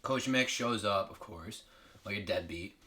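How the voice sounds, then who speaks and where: A man's voice: on the low side, a little slow, pushed and bright. A young man recapping a movie comedically, rambling and swearing with lots of filler words.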